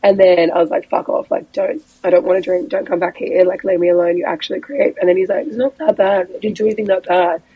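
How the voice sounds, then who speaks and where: A woman's voice: on the low side, fast, hardly any pauses, slightly rough, phone-quality sound. A young woman, co-hosting a podcast over a video call and telling stories with acted-out quotes. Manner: animated storytelling, acting out quotes. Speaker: podcast co-host.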